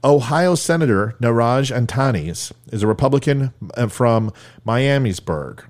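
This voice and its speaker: A man hosting his own podcast, talking solo in a joking, sarcastic way with quick asides. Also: medium pitch, lively intonation. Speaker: podcast host. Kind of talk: solo comedic podcast monologue.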